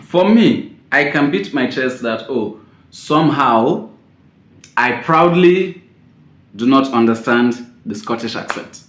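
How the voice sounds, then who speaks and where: A man's voice: mid-range voice, lively intonation, takes it slowly. Emphatic male teacher in an echoey room. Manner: emphatic, repeats key points, sudden loud stresses. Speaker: exam-prep teacher. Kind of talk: spoken tips lesson. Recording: roomy echo.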